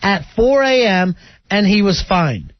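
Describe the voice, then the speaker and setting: A man's voice: high voice, sing-song, measured pace, dry recording. A man hosting a radio call-in show, needling his guest in studio banter. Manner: teasing, needling. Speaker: radio host. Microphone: studio mic. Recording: dull dry radio broadcast.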